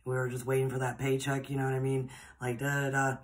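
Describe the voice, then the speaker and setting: A woman's voice: extremely low pitch, flat delivery, fast talker. A woman, a spiritual podcaster telling personal stories in a chatty, rambling, earnest way. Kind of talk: personal storytelling.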